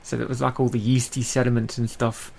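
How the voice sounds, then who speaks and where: A man's voice: mid-range voice, flat delivery, a little fast, creaky, darkish tone, a little hiss or hum. A man with an Australian accent co-hosting a casual podcast, chatty, with lots of ums and frequent laughs. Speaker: podcast co-host. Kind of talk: casual chat.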